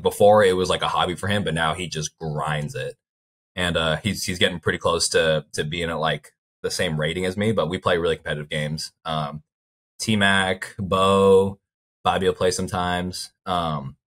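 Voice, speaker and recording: Low bright-voiced young man telling stories. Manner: rambling storyteller, frequent "like" fillers. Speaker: baseball player guest. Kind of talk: casual interview chat.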